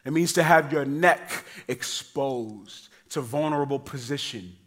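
A man preaching a sermon, telling family stories with acted voices and shifting between loud emphasis and quiet, casual delivery. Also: medium pitch, unhurried. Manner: animated storytelling, acting out voices of his kids; casual, addresses the congregation as y'all. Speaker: pastor.

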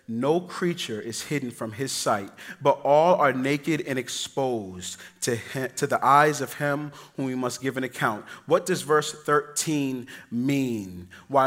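A man preaching a sermon, telling family stories with acted voices and shifting between loud emphasis and quiet, casual delivery. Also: medium pitch. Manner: animated storytelling, acting out voices of his kids; casual, addresses the congregation as y'all. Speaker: pastor.

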